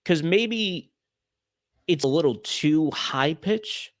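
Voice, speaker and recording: A man's voice: fairly high pitch, lively intonation, takes it slowly, no echo, studio quality. Young man chatting casually, lots of fillers. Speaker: podcast guest. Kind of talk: casual podcast chat.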